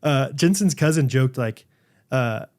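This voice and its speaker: Animated young man telling a story. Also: medium pitch, a little slow. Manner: animated storytelling, laughs often, acts out quotes. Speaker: podcast co-host. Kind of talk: casual chat.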